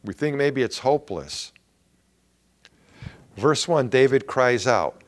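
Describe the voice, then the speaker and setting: A middle-aged male pastor preaching a sermon in an earnest, emphatic way with dramatic pauses. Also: mid-range voice, sing-song.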